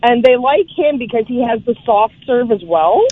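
A man's voice: very high voice, animated, moderate pace, breathy edge, dry recording. A man phoning in to a radio show, explaining in a plain, matter-of-fact way. His voice comes through a tinny phone line with a dry sound. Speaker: caller. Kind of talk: phone-in chat.

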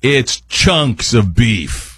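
A man's voice: medium pitch, sing-song, drawn-out words, a bit bright, husky, no echo. Rambling, chatty male radio chef. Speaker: guest chef. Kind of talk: casual cooking chat on radio.

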